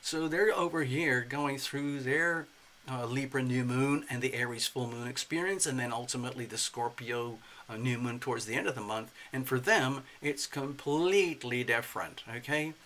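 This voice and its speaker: A man giving a casual spoken tarot reading in an expressive, playful way, slipping into acted asides. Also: mid-range voice, moderate pace. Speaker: tarot reader.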